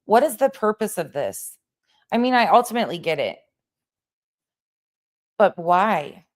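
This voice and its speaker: A woman's voice: medium pitch, sing-song, a little slow. A woman hosting a livestream commentary, frustrated and searching for words. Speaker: commentary host.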